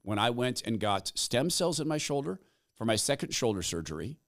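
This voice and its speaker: A man's voice: mid-range voice, sing-song, brisk, fairly bright tone. A middle-aged man hosting a podcast, telling a story in a casual monologue and acting out the people he quotes. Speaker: podcast host.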